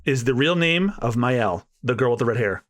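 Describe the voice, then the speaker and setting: A man's voice: mid-range voice, expressive, moderate pace, a bit bright, faint music behind. A man co-hosting a podcast, talking enthusiastically in casual chat with many fillers. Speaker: podcast co-host.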